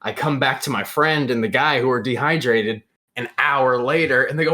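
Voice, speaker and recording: A young man, hosting a podcast and telling a lively story in casual chat. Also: mid-range voice, moderate pace, hardly any pauses. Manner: animated storyteller, acts out quoted voices loudly. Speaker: podcast host.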